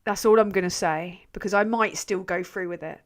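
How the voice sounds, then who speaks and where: A woman chats loosely on her live stream, replying to viewer comments. She rambles, drops sentences halfway and swears without a second thought, mocking herself as she goes. Her voice sits at an ordinary middle pitch. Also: fairly quick. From England. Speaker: channel host.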